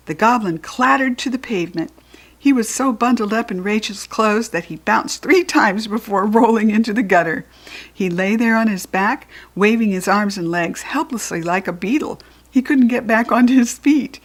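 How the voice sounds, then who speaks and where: A woman with an American accent reading a children's storybook aloud in a lively, expressive way. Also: mid-range voice. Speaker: children's book reader.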